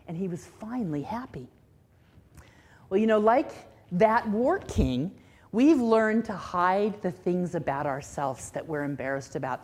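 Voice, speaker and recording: Husky, expressive woman minister. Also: mid-range voice. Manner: expressive storyteller, then reflective teaching. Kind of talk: sermon with storytelling.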